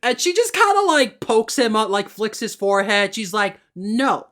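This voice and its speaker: Higher-voiced woman animatedly recapping. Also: normal speed. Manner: animated retelling, frequent restarts and stumbles. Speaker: podcast co-host. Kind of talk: casual chat.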